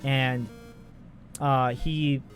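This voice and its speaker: A man's voice: mid-range voice, level tone, extremely slow, faint music behind. Profane, rambling gamer man. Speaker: let's play host. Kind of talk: casual gameplay commentary.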